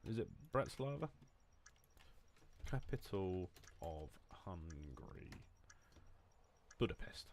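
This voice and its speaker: A man with a fairly low voice chats away while streaming a game, wandering from one thought to the next. He jokes at his own expense and swears casually. A faint noise sits under the recording. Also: vocal fry. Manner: joking, self-mocking, swears freely; loose, wandering talk with restarts. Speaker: gaming streamer. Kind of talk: casual rambling stream chat.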